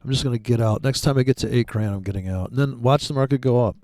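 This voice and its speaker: A man's voice: medium pitch, fast, dark tone, no room sound, clean studio sound. A man giving rambling, sarcastic, profane commentary while trading live. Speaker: day trader streaming live.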